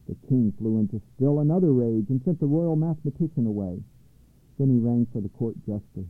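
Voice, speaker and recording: A man narrating a children's story aloud in a measured, clear way, over a tinny line. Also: mid-range voice, expressive, dry recording. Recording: tinny phone-like line, dry.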